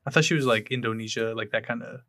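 A man's voice: mid-range voice, fairly even intonation, fast, a bit bright. A young man co-hosting a podcast, joking offhandedly in casual chat. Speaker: podcast co-host.

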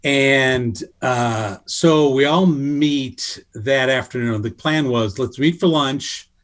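A middle-aged man telling a lively story in casual chat, acting out what people said in a higher voice. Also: slow pace. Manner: animated, acts out quotes in a higher voice. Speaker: guest storyteller. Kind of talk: casual anecdote on a podcast.

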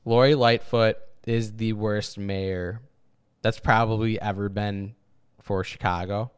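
A man's voice: fairly low pitch, steady tone, slow, clear, resonant tone, no echo, studio quality. A man co-hosting a podcast, joking crudely and laughing through his lines. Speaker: podcast co-host. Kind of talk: casual chat.

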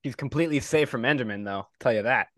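A man's voice: mid-range voice, very fast, a bit bright, no echo. A man playing a tabletop game who cracks blunt, joking remarks. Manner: wisecracking, blunt. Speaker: player.

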